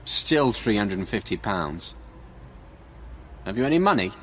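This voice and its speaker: A man's voice: on the low side, very animated, a little slow, fairly bright tone, long reverb tail, slight background noise. A man voicing a curt, businesslike garage owner in a reader story.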